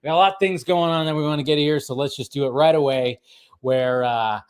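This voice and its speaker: A man's voice: on the high side, a little fast, clear, resonant tone. A man in his thirties, rambling casually as he recaps a cartoon episode, laughing often and restarting his sentences. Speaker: podcast co-host.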